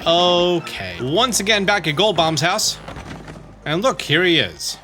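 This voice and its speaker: A man hosting a game walkthrough in a relaxed way, often saying "let's go ahead". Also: high-pitched, unhurried, soft background music. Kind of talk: let's-play commentary.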